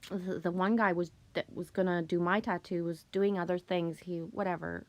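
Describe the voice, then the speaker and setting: A woman's voice: lowish voice, fairly even intonation, moderate pace, no room sound. Chatty woman telling stories. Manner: chatty storytelling, swears casually. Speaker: livestream host reading chat. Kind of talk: casual livestream chat.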